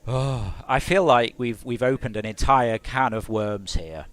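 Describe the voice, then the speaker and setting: A man's voice: medium pitch, unhurried, a bit bright. A man from Hertfordshire, England, a game developer chatting casually on a live stream in a rambling, self-mocking way.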